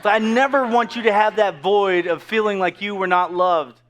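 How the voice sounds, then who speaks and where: A man's voice: high voice, fairly even intonation, normal speed, fairly bright tone, a little hiss or hum. A man in his thirties preaching a casual, joking sermon full of asides to the congregation. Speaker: pastor. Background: faint crowd.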